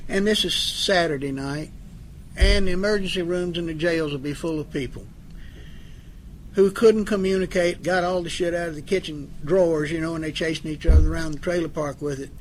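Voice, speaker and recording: Brisk and folksy, this middle-aged addiction recovery speaker has a fairly high voice and jokes his way through stories for a live crowd. He plays both partners in a couple's arguments. A faint background hiss runs beneath him.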